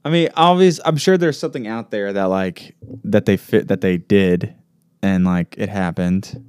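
A young man with a Southern US accent talks quickly and eagerly, acting out bits of dialogue. His voice sits low and sounds smooth and resonant. The recording is dry and close. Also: no echo. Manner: talkative, animated, quick to act out lines from scenes. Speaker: podcast co-host. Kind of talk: casual chat.

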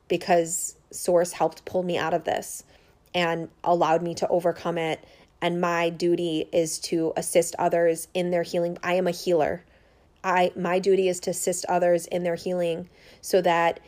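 A woman's voice: on the low side, a little mellow. A woman in her thirties speaking earnestly and openly to her viewers as a holistic healer, unscripted and full of fillers. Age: 30s. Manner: unscripted, rambling with many fillers. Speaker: holistic healer and business owner. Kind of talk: personal testimonial vlog.

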